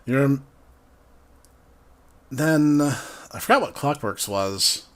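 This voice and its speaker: Slow-talking man recounting a game, laughing. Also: medium pitch, expressive. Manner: rambling, laughing, self-correcting. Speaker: game master retelling a campaign. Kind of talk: casual storytelling.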